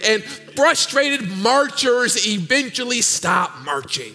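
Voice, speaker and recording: A male pastor preaching a sermon, swinging from loud sung peaks down to low murmurs in call-and-response style. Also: lively intonation, a little slow. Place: church sanctuary. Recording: long hall reverb with faint music.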